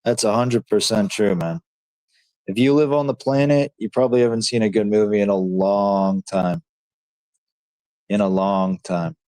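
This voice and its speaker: A man hosting a livestream, reacting excitedly to fights as they happen and reading chat in a slangy, casual way. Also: lowish voice, normal speed, no echo. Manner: excitable, slangy, talks to chat as dude and bro. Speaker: livestream host.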